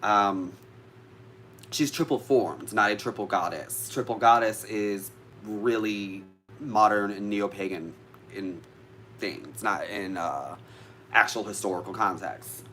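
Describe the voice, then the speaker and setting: Man, casual live vlog, rambling, swears casually, low-pitched. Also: takes it slowly, pushed and bright, slight background noise. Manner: chatty, easily distracted, swears casually. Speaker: witchcraft vlogger. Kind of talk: casual chat with live viewers.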